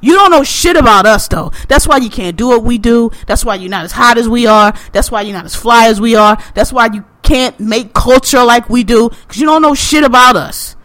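A man co-hosting a podcast, talking in an animated, profane, ranting way. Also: very high voice, normal speed, hardly any pauses, no echo. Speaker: podcast co-host. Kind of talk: casual podcast chat.

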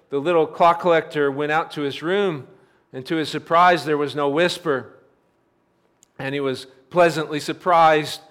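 A pastor telling a story during a sermon, in a plain cadence full of repetition. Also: male voice, a little high, a bit bright.

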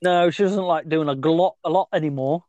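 A man's voice: on the high side, a little fast, darkish tone, no echo, highs cut off. A man co-hosting a podcast, bantering casually, laughing and swearing as he tells stories. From English West Midlands. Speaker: podcast co-host.

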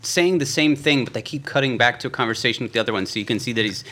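A man's voice: medium pitch, very fast. A man co-hosting a podcast, chatting casually and animatedly as he retells a film's plot. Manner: animated storyteller, slips into quoted voices. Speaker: podcast co-host. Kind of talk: casual chat recapping a film.

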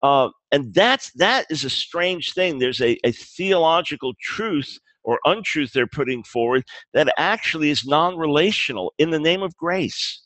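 A man's voice: fairly high pitch, lively intonation, measured pace, hardly any pauses, a bit bright, no room sound. Earnest man explaining in a dry close sound. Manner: earnest, explanatory, restarts phrases, quotes dialogue. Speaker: author being interviewed. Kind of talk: conversational interview.

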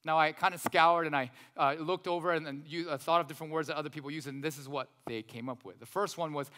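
A man in his thirties preaching a sermon as pastor, animated, with joking asides to the congregation. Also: fairly high pitch, quick pace, hardly any pauses. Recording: reverberant hall.

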